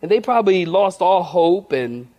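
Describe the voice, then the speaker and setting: Brief: male pastor, high voice, funny animated sermon delivery. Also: moderate pace, lo-fi sound. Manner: humorous, animated storytelling.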